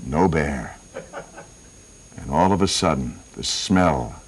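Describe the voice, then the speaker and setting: A man telling a long comic story, animated and laughing at his own jokes. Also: low voice, a little hiss or hum, poor audio. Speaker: joke teller.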